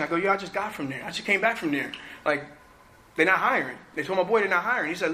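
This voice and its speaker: A middle-aged man from New Jersey sharing his personal recovery story at a meeting, animated and acting out what people said. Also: high-pitched, fast, slight background noise. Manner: animated storytelling, acts out quotes.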